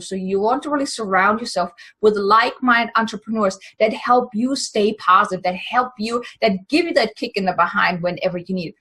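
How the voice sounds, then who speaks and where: A woman's voice: a little high, fairly bright tone, husky. A woman coach giving motivational business advice in an earnest, emphatic, encouraging way. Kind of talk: motivational advice talk to camera.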